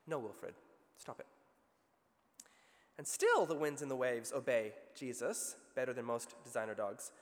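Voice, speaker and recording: A man with an Australian accent preaching a sermon, telling the story with vivid asides and a lively, expressive delivery. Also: fairly high pitch, in a large hall.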